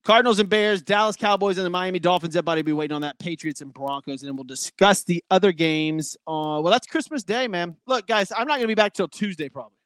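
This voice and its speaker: A man's voice: sits high, quick pace, a bit bright, dry recording. A man hosting a sports podcast, chatting loosely through game matchups and betting picks. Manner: loose, chatty, apologetic about glitches. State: breathing heavy. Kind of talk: casual sports betting talk.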